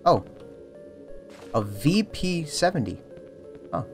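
A young man narrates his horror playthrough in a slightly high, very lively voice. He jokes between scares and breaks into yelps and panicked chatter when something jumps out. Quiet game music plays behind him. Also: slow pace. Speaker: streamer playing a horror game. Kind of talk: let's play commentary. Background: faint game music.

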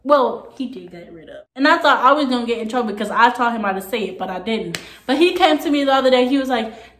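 A young woman from Jamaica casually telling a story to her camera, animated and laughing, swinging between quiet asides and loud outbursts. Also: a little high, fast, hardly any pauses. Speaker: vlogger. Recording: echoey room.

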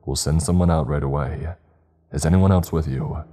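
A man voicing a calm, businesslike male agency contact answering a phone call. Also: very deep voice, normal speed. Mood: brisk.

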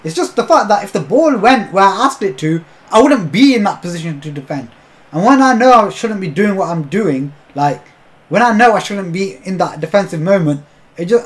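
A young man commentating his own football video game match, swearing often and bursting into shouts at the game. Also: high-pitched. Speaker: gaming YouTuber. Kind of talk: live gameplay commentary.

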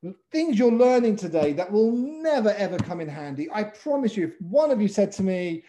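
A man with an English accent, a pitch coach teaching a webinar over a video call in a playful way, calling on participants by name. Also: very animated, moderate pace, mellow, slight background noise. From England.

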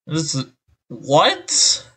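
A man's voice: fairly high pitch, huge pitch swings, very slow, sharp tone, husky. A man reading an article aloud and reacting with exasperated, rambling commentary through a voice changer, sighing often. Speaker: online commentator.

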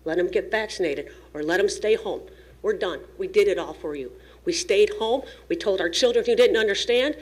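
At a school district meeting, a mid-range-voiced woman delivers an impassioned public comment, animated and at a moderate pace. She is emotional and pleading, shaking with nerves as she speaks into the podium microphone.

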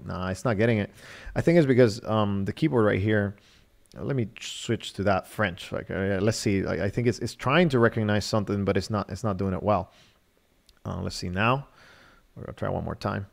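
A man's voice: on the low side, normal speed, vocal fry. A man from Nicaragua hosting a live-stream phone review, talking casually with many fillers and restarts. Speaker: livestream host reviewing a phone.

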